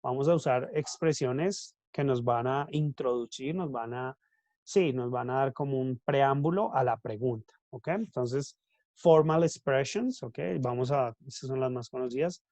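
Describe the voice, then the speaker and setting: A man's voice: mid-range voice, normal speed, a little mellow, dry recording. A man, a Spanish speaker, teaching an English class and often checking in with "okay?". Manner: switches between English and Spanish, many tag questions. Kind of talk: online class lecture.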